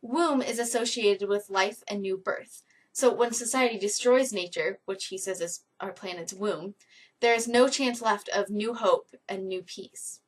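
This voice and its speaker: A woman's voice: medium pitch, unhurried. Woman reading a school report, distant mic. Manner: steady, careful reading with brief self-corrections. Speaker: student presenting a song analysis. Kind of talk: reading aloud a school presentation. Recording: distant mic with faint music behind.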